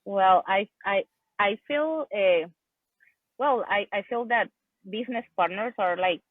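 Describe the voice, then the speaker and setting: A woman's voice: medium pitch, unhurried, no echo. A woman who is a business partner, a guest in an interview, answering hesitantly over a remote call, with many restarts and "like". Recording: tinny phone-like line.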